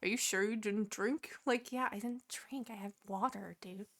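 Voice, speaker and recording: A young woman, co-hosting a podcast and telling a story in casual chat, animated and swearing as she acts out quotes. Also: medium pitch, measured pace. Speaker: podcast co-host.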